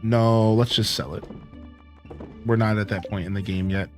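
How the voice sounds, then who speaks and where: A man's voice: on the low side, steady tone, normal speed, darkish tone. Guy live streaming a game, chatty and casual, talking to chat, faint music behind. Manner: chatty, reads out and answers viewer chat.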